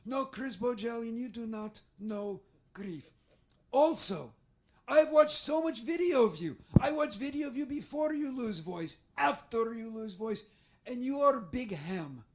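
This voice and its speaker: A woman's voice: on the high side, animated, unhurried. A man with a strained voice imitating a blunt, brusque woman voice therapist who was a former commando, in a put-on foreign accent. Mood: scolding. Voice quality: strained, breathy.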